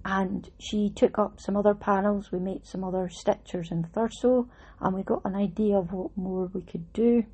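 A middle-aged woman reminisces in a relaxed, chatty way, slipping in Scots words. Her voice is soft and a little husky, with a mellow, dark tone. She talks like she's sharing a story with friends. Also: medium pitch, moderate pace, hardly any pauses. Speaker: vlogger talking about her embroidery project. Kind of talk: casual storytelling.

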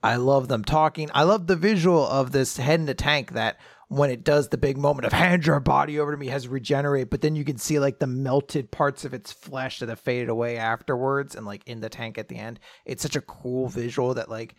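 Gravelly, enthusiastic man. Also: mid-range voice, fairly even intonation, normal speed, few pauses, dry recording. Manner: enthusiastic, swears casually. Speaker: podcast co-host. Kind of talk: casual chat.

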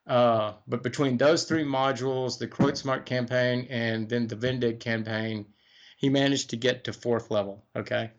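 A middle-aged man talks casually as a podcast guest, his pitch sitting in an ordinary middle range. He rambles through long anecdotes, breaks off to restart his sentences and chuckles as he goes. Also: fairly even intonation, moderate pace, dull audio. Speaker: guest game designer.

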